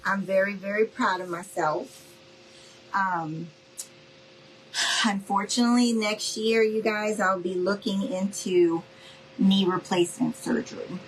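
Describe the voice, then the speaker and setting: A middle-aged woman with a drawl talks to her viewers in a chatty, folksy way while she works on a craft project at home. She speaks at an everyday pitch. Faint sanding and rubbing sounds run underneath her voice. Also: unhurried, long pauses, a little hiss or hum, poor audio. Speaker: craft video host. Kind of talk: casual livestream crafting chat.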